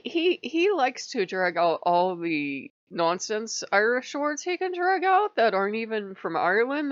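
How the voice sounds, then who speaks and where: A woman's voice: medium pitch, no room sound, muffled recording. A woman recounting her dreams and visions in a rambling, casual vlog, laughing often. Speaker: spiritual vlogger.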